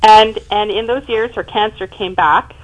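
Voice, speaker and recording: A woman in her fifties speaks as an interview guest. She tells her story emphatically, with animated rises in her mid-pitched voice. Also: a little slow, muffled recording. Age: 50s. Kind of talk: personal storytelling in conversation.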